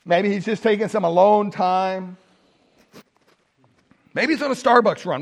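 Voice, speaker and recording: A male pastor giving a Sunday sermon, animated and humorous, asking the congregation rhetorical questions. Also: high-pitched, takes it slowly, long pauses.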